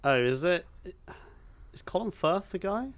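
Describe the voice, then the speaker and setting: Slow, animated man bantering on a podcast. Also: sits high. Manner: laughing, easygoing banter. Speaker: podcast co-host. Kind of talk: casual comedic chat.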